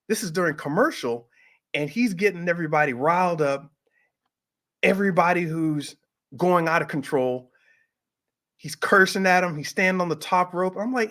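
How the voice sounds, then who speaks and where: A middle-aged man telling a personal story in a casual, animated way, jumping up in pitch when he acts out what people said. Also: moderate pace, long pauses. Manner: animated, acts out quoted voices with pitch jumps. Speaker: host.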